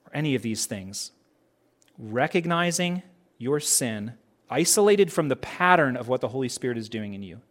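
A man preaching a sermon as a pastor in a casual, conversational way, asking many rhetorical questions and acting out bits of dialogue. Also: medium pitch. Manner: conversational, acts out quoted dialogue.

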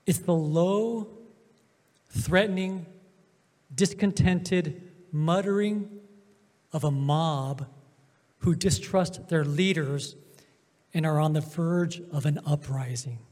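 A man preaching a sermon as pastor, emphatic, with drawn-out pauses and swings between loud and soft. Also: fairly high pitch. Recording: long hall reverb.

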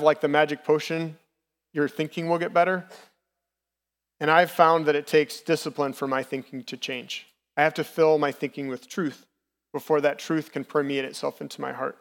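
Candid man preaching in a reverberant hall. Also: fairly high pitch. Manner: candid, personal, conversational preaching. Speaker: lay preacher. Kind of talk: sermon.

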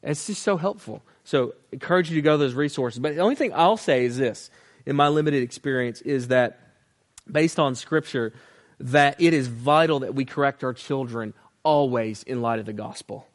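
A man's voice: mid-range voice, moderate pace. A man in his thirties preaching a sermon on family. He speaks earnestly, tells stories, and often restarts his sentences. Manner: earnest, storytelling, with many restarts. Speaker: pastor.

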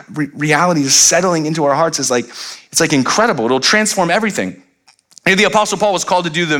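Rhetorical questions and chatty asides fill this man's sermon as a pastor. His delivery swings from loud, energetic bursts to quiet lows, and the animated questioning gives way to slow, hushed scripture reading.

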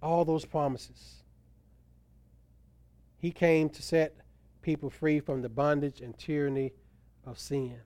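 A man's voice: fairly high pitch, flat delivery, takes it slowly, long pauses, mellow, no room sound. Emphatic man preaching a sermon. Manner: emphatic preaching, voice rising and falling for stress. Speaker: pastor.

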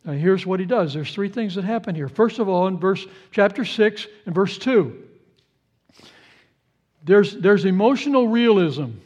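Earnest high-voiced man preaching. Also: lively intonation, measured pace, dull audio. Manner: earnest, repeats key phrases for emphasis; swings from hushed to rising with feeling. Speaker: pastor. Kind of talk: sermon.

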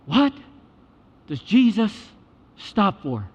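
A male pastor preaching a sermon, emphatic, repeating key phrases and swinging between loud and hushed delivery. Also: sits high, wildly swooping pitch, very slow, breathy edge. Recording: dull sound with long hall reverb.

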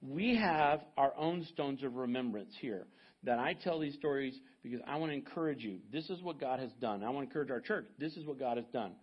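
A pastor in his fifties preaches a sermon, weaving in a personal story with animated asides to the congregation. His mid-range voice is brisk with a breathy edge, and the audio is lo-fi.

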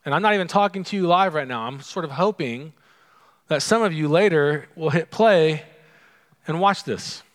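A man's voice: a little high, moderate pace. A man preaching a recorded sermon alone in an empty room, earnest and conversational, with asides to his listeners. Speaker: pastor. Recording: long reverb of an empty room.

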